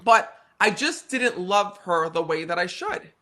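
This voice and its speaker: Earnest high-voiced American man storytelling. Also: measured pace. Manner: earnest, animated, talks to the audience with many "right?" and "you know". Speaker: psychic medium guest. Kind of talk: casual storytelling conversation.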